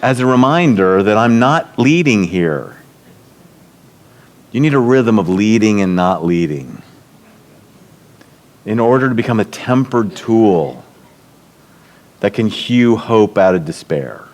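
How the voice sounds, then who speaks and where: At a church leadership event, a middle-aged man warmly tells personal stories and lifts his voice to play out other people's words. He speaks slowly in a lowish, sing-song voice with long pauses. The talk is built around storytelling.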